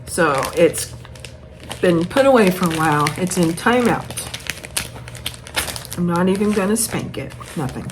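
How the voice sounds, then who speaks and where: A woman's voice: fairly low pitch, animated, measured pace, pauses often. Chatty, rambling woman vlogger. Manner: chatty, rambling, self-mocking. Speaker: cross-stitch vlogger. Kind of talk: casual chat. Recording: faint background noise.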